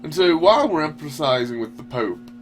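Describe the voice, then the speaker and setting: A man's voice: a little high, big pitch swings, fairly quick. A man hosting a casual online radio show, rambling loosely and swearing now and then. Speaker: podcast host. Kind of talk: casual talk radio chat.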